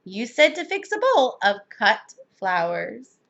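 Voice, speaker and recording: An innocent, literal-minded housekeeper from a children's story, read by a woman. She answers plainly and matter-of-factly, her voice high and lively. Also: slow pace, vocal fry, lo-fi sound, heavily acted.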